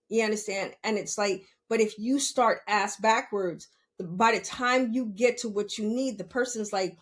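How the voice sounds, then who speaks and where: A woman's voice: mid-range voice, normal speed. A middle-aged woman hosting a podcast, giving blunt, profane advice in a casual monologue, laughing often and asking rhetorical questions. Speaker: podcast host.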